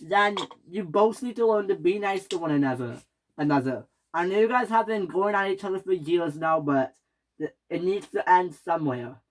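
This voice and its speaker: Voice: mid-range voice, moderate pace, close to an everyday voice, rough recording. A performer voicing a stern railway boss who scolds his engines, in a toy train story.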